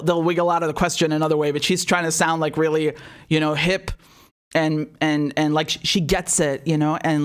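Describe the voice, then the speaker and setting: A man reacting to political clips with profane, incredulous and mocking commentary. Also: high voice. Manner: incredulous and mocking, swears often.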